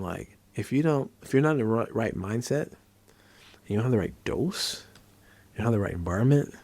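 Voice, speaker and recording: A man's voice: on the low side, creaky, slightly rough. A man, a psychiatrist, explaining a treatment in casual conversational talk and telling stories from his practice. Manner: conversational, storytelling, animated when acting out scenes. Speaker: psychiatrist host.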